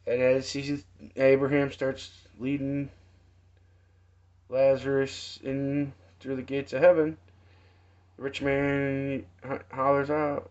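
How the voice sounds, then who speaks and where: A man preaching informally, retelling a parable in a halting storytelling manner with many restarts. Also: medium pitch, monotone, a little mellow. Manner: slow, halting storytelling with restarts and acted quotes. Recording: dull lo-fi sound.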